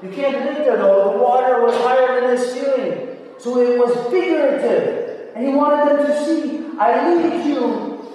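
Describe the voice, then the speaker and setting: Man preacher with a very high voice and slow, emphatic delivery, recorded from afar in a reverberant church hall. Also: darkish tone. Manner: emphatic, asks rhetorical questions and repeats phrases. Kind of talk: sermon. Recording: echoey hall, voice far from mic.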